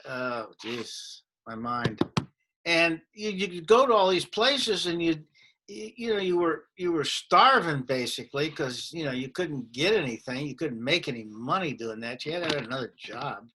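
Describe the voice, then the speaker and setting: A man in his sixties, a comedian guest telling anecdotes in an animated way in a casual interview. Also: on the high side, normal speed, slight background noise.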